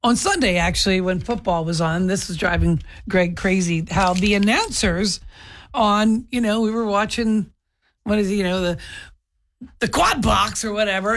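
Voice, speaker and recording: A woman's voice: mid-range voice, fairly bright tone. A woman co-hosting a morning radio show, chatting casually and chiming in with her own stories. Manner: conversational, quick to laugh and chime in. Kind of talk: casual on-air banter.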